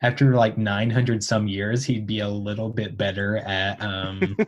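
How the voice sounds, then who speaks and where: Casual podcast chat comes from a young male co-host whose low voice keeps a level tone. He thinks out loud in halting spurts, with frequent restarts and fillers, over dull-sounding audio.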